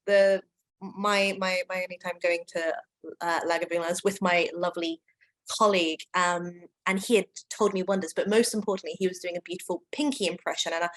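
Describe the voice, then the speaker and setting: A woman's voice: mid-range voice, rough recording. A woman working as a whisky brand ambassador, chatting casually and enthusiastically with plenty of fillers during an online tasting. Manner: enthusiastic, gushing, many fillers.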